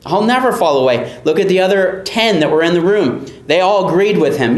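A man's voice: sits high, very animated, moderate pace, roomy sound. A man preaching an expository sermon, earnest and emphatic, repeating key phrases for weight. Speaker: pastor.

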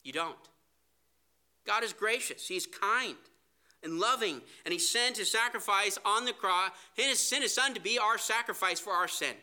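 A man's voice: high voice, animated, normal speed, pushed and bright. A man preaching a sermon, earnest, reading scripture aloud. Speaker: pastor.

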